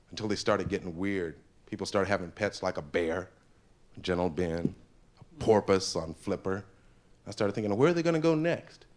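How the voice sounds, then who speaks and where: A man doing a stand-up comedy routine on a live stage, slipping into funny voices for the people in his jokes, from an old 1970s tape. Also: low-pitched. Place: stage with a laughing audience.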